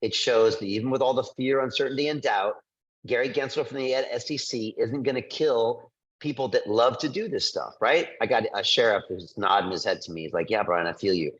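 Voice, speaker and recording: A male host speaking to a group in an excited, emphatic monologue with quick asides. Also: medium pitch, muffled recording. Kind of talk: energetic monologue to a live group.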